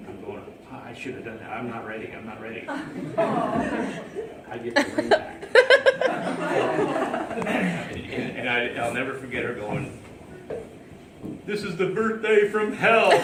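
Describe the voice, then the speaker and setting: Man, rambling anecdote, frequent chuckles, far-off mic, roomy sound. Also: mid-range voice. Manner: rambling, laughs often at his own story. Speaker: storyteller recounting his own romance. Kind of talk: casual personal storytelling. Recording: roomy, distant mic, ambient noise.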